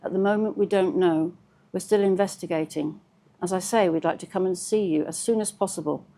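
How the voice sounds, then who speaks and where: A woman reading the lines of a calm, polite male police detective inspector with a mellow, pleasant voice. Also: on the low side, a little fast, lightly acted.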